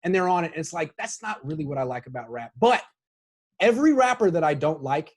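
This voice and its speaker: A man's voice: fairly high pitch, animated, quick pace. A man from the Bay Area, a podcast guest talking casually with strong opinions and frequent restarts. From San Francisco Bay Area.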